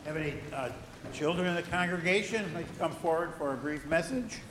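A man serving as pastor, reading the gospel and then giving a lively children's message in church, coaxing the kids to cheer and repeat after him. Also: on the high side, background noise. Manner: slow, animated, coaxing children to join in. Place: church sanctuary.

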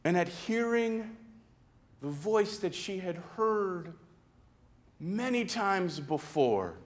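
A male preacher delivers a sermon in a high, animated voice that rises and falls widely. He speaks slowly and dramatically, pausing often and dropping into hushed tones for emphasis. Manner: slow and dramatic, with pauses and quiet, hushed retellings.

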